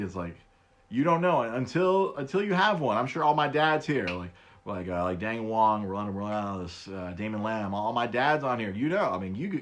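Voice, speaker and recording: This thirty-something man hosts a laid-back solo podcast. Frequent laughter, stumbling repetitions, and a sudden high voice whenever he quotes someone mark his delivery.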